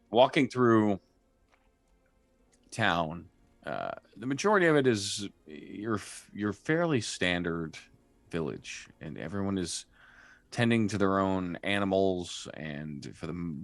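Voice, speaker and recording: A man's voice: low-pitched, lively intonation, slow pace, no echo. A man narrating a tabletop game as game master, describing scenes with frequent fillers and restarts. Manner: descriptive, hesitant with many fillers.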